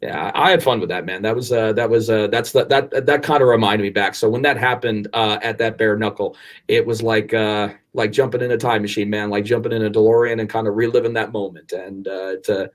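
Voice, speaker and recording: Lower-voiced man telling a rambling story. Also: fairly quick. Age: 40s. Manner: animated storyteller with frequent restarts and casual swearing. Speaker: podcast co-host. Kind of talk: casual podcast chat, storytelling.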